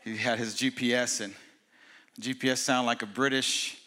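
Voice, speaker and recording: A male pastor preaching an energetic, casual sermon with slang and humor at a church service. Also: medium pitch, moderate pace.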